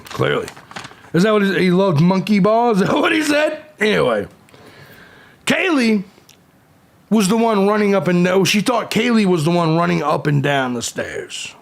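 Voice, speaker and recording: A man's voice: high-pitched, sing-song, moderate pace, creaky. A man in his forties hosting a live stream, reading viewers' comments aloud and firing back at trolls in a combative, profane way. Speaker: livestream host.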